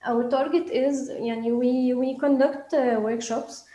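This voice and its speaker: A woman pitching her startup, her talk full of hesitations, fillers and restarts. Her voice sits a bit high and mellow. The sound is roomy and echoing. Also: fairly even intonation, a little slow. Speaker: startup presenter. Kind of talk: pitch presentation.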